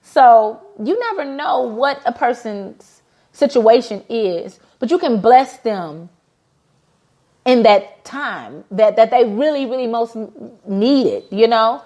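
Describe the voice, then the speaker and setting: Woman, 30s, business-owner host, casual heartfelt storyteller, slightly high voice. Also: animated, takes it slowly, dark tone. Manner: heartfelt storytelling with many fillers. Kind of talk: casual motivational talk.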